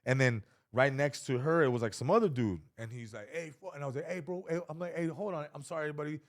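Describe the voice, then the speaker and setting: Here the male comedian guest talks at a quick pace in a fairly high-pitched voice, telling stories in easygoing podcast chat. He brings the quotes to life by acting them out, swearing plenty along the way.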